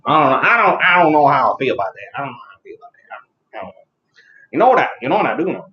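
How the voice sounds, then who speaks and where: A man's voice: mid-range voice, big pitch swings, very fast. Rambling, self-mocking man on a stream. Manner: rambling, self-deprecating, talks to chat. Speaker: live stream host. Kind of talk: casual live stream chat. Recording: roomy, slightly dull recording.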